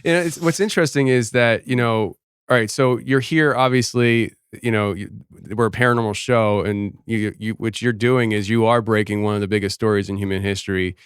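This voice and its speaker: A male podcast host with a smooth, resonant voice at a middle pitch chats eagerly with his guest. He talks in loose, casual runs packed with fillers. The sound is dry and close. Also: fairly even intonation, a little fast, no room sound. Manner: enthusiastic, full of filler words. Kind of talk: casual interview chat.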